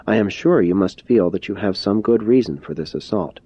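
A calm, kindly male teacher speaks in a very deep, husky voice, as a man reads him aloud. He sounds measured and courteous, gently persuasive. The recording is dull and lo-fi. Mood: gentle, probing.

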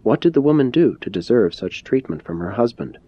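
A man reading the lines of a gentle, persuasive adult male teacher in a measured, earnest and courteous manner. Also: medium pitch, sing-song, slightly rough, voice pushed up. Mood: gentle, probing. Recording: dull lo-fi recording.

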